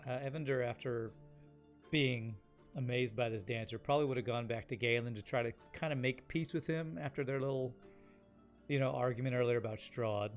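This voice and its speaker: A man's voice: medium pitch, brisk, faint music behind. A man casually describing what his character does in a tabletop game, hedging with filler words. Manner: chatty, hedging with kinda and like. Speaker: player.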